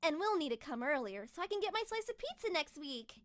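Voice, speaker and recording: A woman voicing a clumsy, excitable schoolgirl heroine from a dating game, speaking in a bubbly, dramatic way. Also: sits high, quick pace, dry recording, voice pushed up. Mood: chatty. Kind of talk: reading an otome game aloud.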